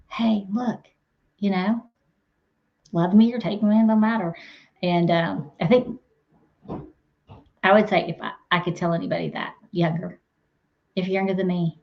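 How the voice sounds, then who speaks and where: A woman's voice: medium pitch, highs cut off. A woman hosting her farm channel, chatting casually with viewers in a rambling, teasing way. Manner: chatty, rambling, laughs and teases. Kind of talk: casual live chat with viewers.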